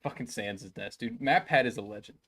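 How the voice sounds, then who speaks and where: A man's voice: medium pitch, fairly quick, a bit bright. A young man casually streaming a game, joking and rambling as he reacts to viewers in the chat. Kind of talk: casual live-stream commentary.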